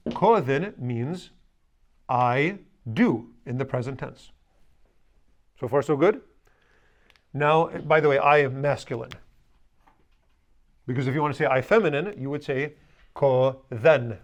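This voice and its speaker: A man's voice: mid-range voice, a little slow, pauses often. A man teaching a language class, stressing points emphatically, drilling pronunciation with students and slipping in dry jokes. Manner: dry humorous asides.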